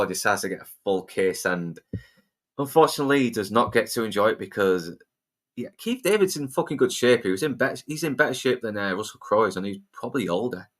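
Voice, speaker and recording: Rambling, swearing man with a lowish voice. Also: fairly bright tone. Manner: rambling, heavy swearing, frequent restarts. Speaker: podcast co-host. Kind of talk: casual film discussion.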